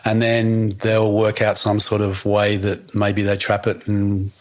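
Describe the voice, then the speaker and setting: A man's voice: fairly low pitch, monotone, unhurried. A man, a podcast guest chatting casually and rambling with fillers and restarts. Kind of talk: casual outdoor conversation.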